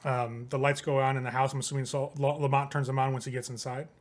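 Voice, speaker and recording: A man narrating a tabletop game as game master, in a relaxed, rambling way full of fillers. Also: mid-range voice, fast.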